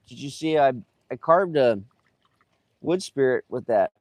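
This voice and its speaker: A man's voice: medium pitch, a little mellow, no echo, clean studio sound. Rambling man chatting while carving. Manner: rambling, trails off, lots of fillers. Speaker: chainsaw carver streaming live. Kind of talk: casual live-stream chat while working.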